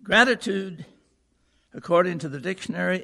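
A male pastor giving a sermon, moving from a lively recited poem into earnest preaching in a church auditorium. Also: medium pitch, fairly quick, gravelly. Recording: long reverb of a large hall.

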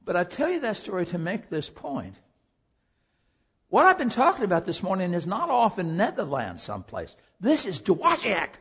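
A high, husky male preacher with a wildly swinging, highly animated voice. He shifts from loud, pleading passion down to near-whispers. The recording sounds dull and lo-fi. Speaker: preacher and teacher. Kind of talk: sermon with a personal story.

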